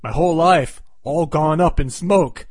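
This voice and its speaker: A dazed, worn-out mechanic groans his words out slowly, as a man reads him aloud. The recording is dry and close. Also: a little high, darkish tone, slightly rough, no echo. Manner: weary, groaning. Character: dazed, defeated middle-aged mechanic man.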